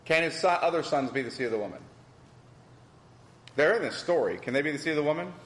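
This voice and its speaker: In a church hall with long, echoing reverb, a man teaches a Bible class, asking the group questions and repeating back their answers. His voice is fairly high, animated, fast and a bit bright.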